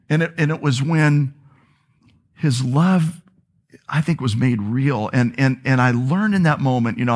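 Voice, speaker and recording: Earnest male pastor preaching. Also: fairly high pitch. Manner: earnest, confessional storytelling. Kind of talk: sermon.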